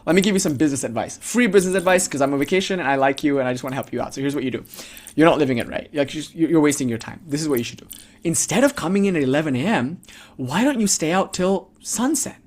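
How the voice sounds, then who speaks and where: A man's voice: on the high side, expressive, fast. A man voicing a pushy middle-aged New York businessman who eagerly lectures and hands out advice.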